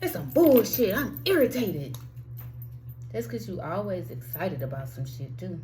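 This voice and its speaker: Animated woman giving a fiery spiritual talk. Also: lowish voice, a little slow, a little hiss or hum, poor audio. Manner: emphatic, profane, preacher-like. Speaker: spiritual self-help host.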